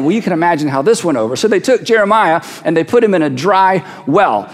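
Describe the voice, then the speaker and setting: A man preaching a sermon to a congregation, animated, acting out voices and repeating phrases for emphasis. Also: high-pitched, brisk. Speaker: pastor. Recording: long reverb of a large hall.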